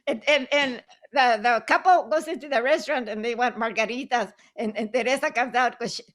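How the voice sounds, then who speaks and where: Chatty older woman, slightly high voice. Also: moderate pace, fairly bright tone. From Southern Arizona. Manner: chatty, laughing often, mixes Spanish phrases into English. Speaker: honored playwright and actress. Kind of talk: casual reminiscing on a group video call.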